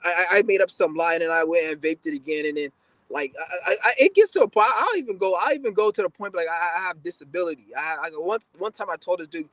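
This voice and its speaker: A young man with a slightly high voice rants bluntly through a casual livestream chat. He tells rambling, profane stories and stumbles over his words as he restarts. The sound is dry and close, with no room echo. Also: lively intonation, fast, a bit bright. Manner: stammering restarts. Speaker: livestream host answering questions.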